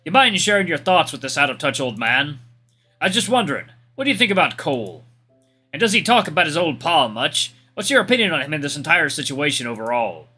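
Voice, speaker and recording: A man voicing a gruff, boastful old male hyena father in a folksy, pirate-like drawl. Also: on the high side, big pitch swings, brisk, pushed and bright, faint music behind, exaggerated voice. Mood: hearty.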